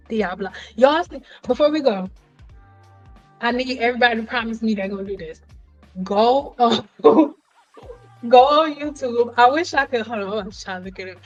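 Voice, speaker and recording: A woman hosting a casual livestream chat, telling stories in an animated way, acting out the voices she quotes and joking bluntly with her viewers. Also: on the high side, moderate pace, pauses often, dull audio, soft background music. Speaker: livestream host. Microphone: computer mic on a livestream.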